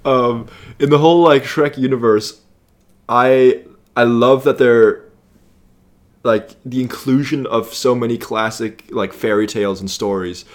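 A young man co-hosting a casual podcast, eager and halting, full of fillers and restarts. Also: mid-range voice, fairly even intonation. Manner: enthusiastic, halting, many fillers. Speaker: podcast co-host. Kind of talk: casual chat.

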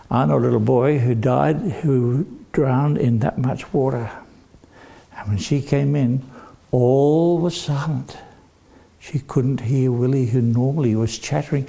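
An older man telling a dramatic story to children, animated and acting out the voices. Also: mid-range voice, gravelly. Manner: animated, acts out voices with shouts.

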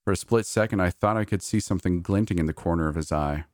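Deep-voiced man narrating a horror story. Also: quick pace, darkish tone, no room sound, clean studio sound.

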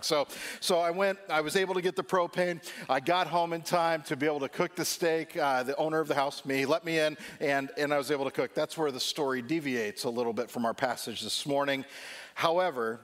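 Lively storytelling pastor, a man. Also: on the high side, fairly quick. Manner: animated comic storytelling; acts out quoted dialogue. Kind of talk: sermon with a personal story.

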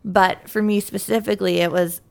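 A woman's voice: medium pitch, fairly even intonation, moderate pace, vocal fry. A woman speaking as a guest, telling her faith story candidly and earnestly, with light laughs at herself. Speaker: guest sharing her testimony. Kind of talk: personal faith testimony in conversation.

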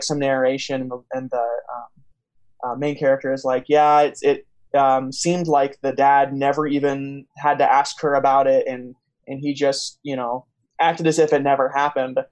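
A young man hosting a faith podcast, speaking in a relaxed, conversational way. He wanders through his story with a lot of "um"s and restarts, at a middling pitch. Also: moderate pace. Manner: rambling storyteller with many fillers and restarts. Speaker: podcast host. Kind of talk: casual chat.

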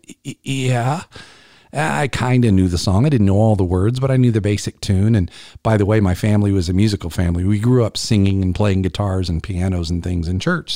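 Sex: man. Style: earnest, halting personal storytelling. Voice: low, dark, mellow. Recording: dry. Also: no echo. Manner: earnest, halting, repeats words as he recalls. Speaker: podcast host telling a personal story.

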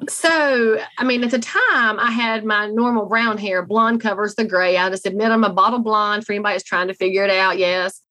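A woman's voice: medium pitch, fairly even intonation, a little fast, few pauses, sharp tone. A middle-aged woman with a Southern US accent, a guest on an interview show, telling blunt, folksy stories with self-deprecating humor. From American South. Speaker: guest, real estate CEO. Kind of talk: conversational interview storytelling.

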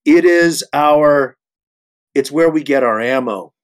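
A man's voice: fairly high pitch, takes it slowly, smooth. A man in his sixties, an actor on a panel, speaking earnestly with many restarts and repeated words. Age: 60s. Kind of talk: panel discussion.

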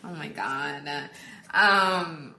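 A woman co-hosting a podcast, recapping a film in casual chat, quoting characters in quick voices and laughing often. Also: low voice, lively intonation, sharp tone, reverberant, a little hiss or hum. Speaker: podcast co-host.

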